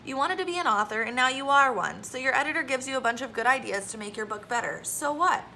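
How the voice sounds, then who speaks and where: Woman doing a pushy storybook girl, loud-ish and blunt, no-nonsense. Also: on the high side, expressive, normal speed, gravelly, a little hiss or hum, heavily acted, low-quality recording. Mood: emphatic. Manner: emphatic and forceful. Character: blunt, bossy young girl, the loyal friend.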